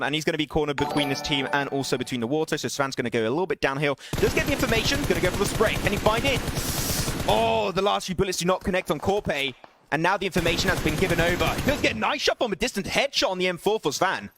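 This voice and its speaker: High, fast-talking young male esports caster. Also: background noise. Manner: excitable, pitch jumps on big plays, laughs at himself. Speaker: esports caster streaming solo. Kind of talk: live game commentary with chat asides.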